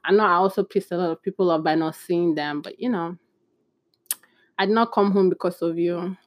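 A woman's voice: fairly low pitch, brisk, dry recording. Young podcast host from Nigeria, a woman, chatty storyteller who acts out voices, recorded dry and close. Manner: animated, acts out quoted voices. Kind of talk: casual storytelling.

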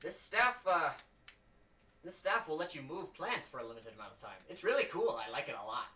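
A man voicing an excitable, fussy male wizard in his tower, high-pitched and frantic. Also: brisk, roomy sound, recorded from a distance. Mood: eager.

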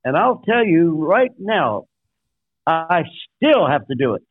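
Taking it slowly with a sing-song lilt, this older guest pastor's fairly high voice carries a sermon-like story full of emphatic numbered points and acted-out quotes. There's no room sound, just a dry, tinny, phone-like line.

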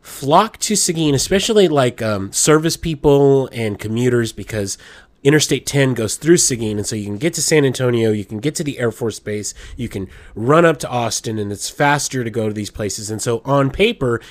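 A man hosts a podcast in casual, animated chat, telling a rambling story and swearing freely. His voice sits at an ordinary middle pitch. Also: brisk. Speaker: podcast host.

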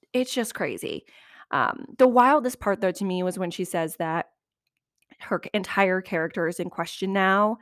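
A woman hosting a podcast, giving a chatty, animated recap of reality TV with lots of asides. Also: medium pitch, dry recording, clean studio sound. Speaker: podcast host.

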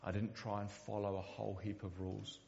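The pastor here has a lowish, gravelly, darkish voice with a level tone and a fairly quick pace. The recording carries a long reverb tail, cut-off highs, and a little hiss or hum, as he preaches earnestly and keeps repeating the first word of his sentences.

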